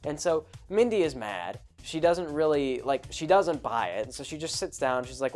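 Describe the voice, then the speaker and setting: A man's voice: on the high side, lively intonation, moderate pace, a little mellow, faint music behind. A man hosting a podcast, casually retelling a tabletop game session in a chatty, rambling way full of asides. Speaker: podcast host. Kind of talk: casual storytelling.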